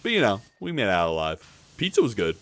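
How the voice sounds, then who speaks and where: Rambling, low-voiced male streamer. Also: huge pitch swings, fast talker. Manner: rambling, lots of fillers and restarts, swears freely. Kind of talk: casual chat and storytelling on a live stream.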